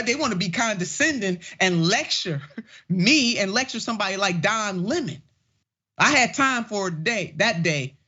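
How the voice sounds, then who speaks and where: A middle-aged woman hosting a political talk show from a studio, speaking with fired-up, animated conviction. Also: medium pitch, husky. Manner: impassioned, animated, preacherly emphasis. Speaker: show host. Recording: dull lo-fi studio audio.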